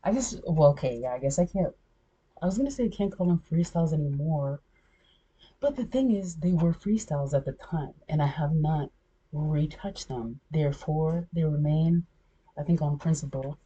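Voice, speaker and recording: Low, dark-voiced woman rambling on a vlog. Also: lively intonation, normal speed, breathy edge. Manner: rambling, self-interrupting, many fillers. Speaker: vlogger. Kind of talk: casual vlog monologue. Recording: dull lo-fi recording.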